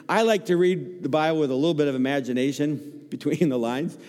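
A man's voice: a little high, a little fast, hardly any pauses. A man preaching a sermon with humor, acting out voices as he tells a story in church. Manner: animated, joking storyteller, acts out voices. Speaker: guest preacher. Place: church sanctuary. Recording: long hall reverb.

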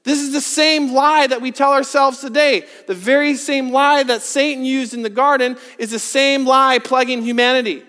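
A man preaching a sermon, earnest, moving from hushed, drawn-out points to emphatic rhetorical questions. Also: extremely high pitch, steady tone. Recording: long reverb of a large hall.

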